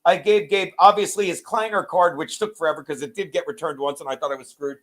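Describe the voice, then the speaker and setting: A man hosting a casual podcast, excitable and swearing freely. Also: fairly high pitch, fast talker. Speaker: host.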